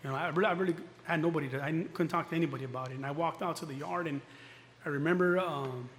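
A middle-aged man tells his own hard story in a candid, rambling way, swearing freely and circling back on his words. His voice sits a little high. The recording has a long reverb and a faint hiss behind it. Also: very fast, fairly bright tone. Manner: candid, rambling, swears often, many restarts. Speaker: former prisoner telling his story. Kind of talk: personal storytelling.

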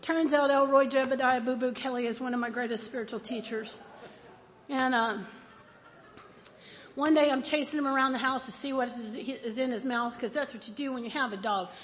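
A woman speaking at a recovery meeting who tells a personal story in an animated, self-mocking way and laughs often. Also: high voice, moderate pace, in a large hall.

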